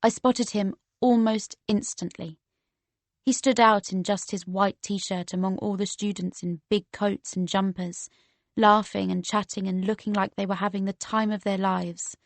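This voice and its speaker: Woman, audiobook narrator, first-person storytelling, mid pitch, dry studio sound. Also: steady tone, a little slow, dry recording.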